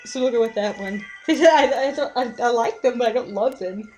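A woman's voice: fairly high pitch, normal speed, a little mellow, soft background music. A young woman chatting casually and giggling while she streams a game from home and reads its on-screen text aloud.

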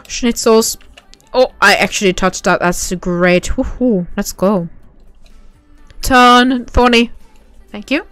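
A woman's voice: on the high side, very animated, slow pace, pauses often, a bit bright, no room sound, soft background music. A woman streaming a horse game, chatting casually with viewers and giggling often. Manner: giggly, chatty, reacts to chat. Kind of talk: casual livestream chat.

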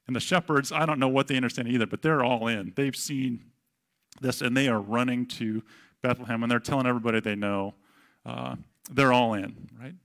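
A man's voice: mid-range voice, fairly even intonation, fairly quick, a bit bright. A middle-aged man giving a casual, conversational sermon as pastor, chatty, with fillers and acted-out quotes.

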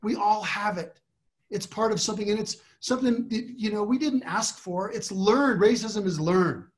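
A man, a trial lawyer, telling a story in a panel discussion, animated, with frequent restarts and rising emphasis. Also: high voice, normal speed.

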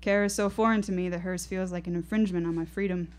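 A woman's voice: fairly low pitch, steady tone, quick pace, darkish tone. A woman in her twenties telling a first-person story on stage, vivid and reflective. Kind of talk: live storytelling performance. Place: stage at a live show.

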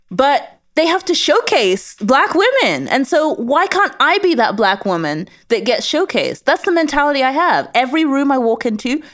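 Confident British-accented woman guest. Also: medium pitch. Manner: confident, emphatic, motivational. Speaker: guest, space lawyer. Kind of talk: interview conversation.

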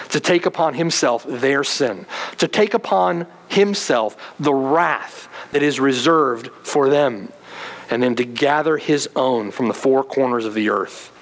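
A pastor preaching an earnest sermon, retelling scenes vividly. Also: male voice, medium pitch, long reverb tail, rough recording.

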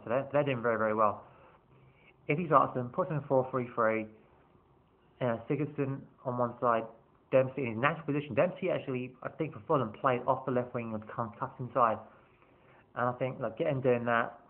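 Rambling football fan on a tinny line. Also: male voice, medium pitch. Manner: rambling, full of restarts, swears casually. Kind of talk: casual rambling match preview. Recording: tinny phone-like sound.

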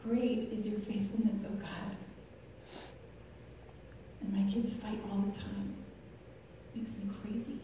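Woman speaker, chatty testimony with frequent laughs, mid pitch, distant mic with faint noise. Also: level tone, slow pace, long pauses, mellow. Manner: chatty, laughs often at her own stories. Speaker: speaker giving a personal faith testimony. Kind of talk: testimony talk to a live audience. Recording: echoey hall from far off, faint noise.

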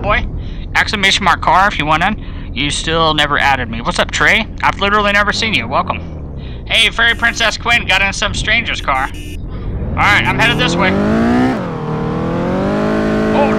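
A man's voice: sits high, animated, normal speed, background noise. A man hosting a live game stream, chatting playfully and greeting viewers by name as he plays.

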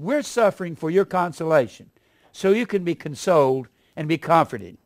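A man preaching a sermon in a folksy, animated way, swinging from loud emphasis to quiet asides. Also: on the high side, normal speed, vocal fry, no room sound, studio quality.

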